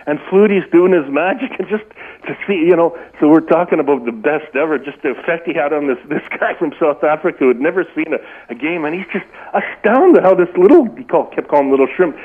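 A man in his fifties calling a sports radio show, telling a rambling, animated story. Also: a little high, a little fast, husky. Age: 50s. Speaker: caller. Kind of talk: phone-in storytelling. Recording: tinny phone line.

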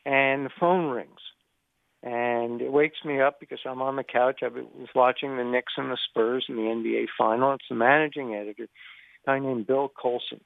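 An older man, a sports journalist, calls into a radio show over a phone line, his mid-range voice creaky and moderately paced with no echo. He tells a long story animatedly, acting out the dialogue of the people he quotes.

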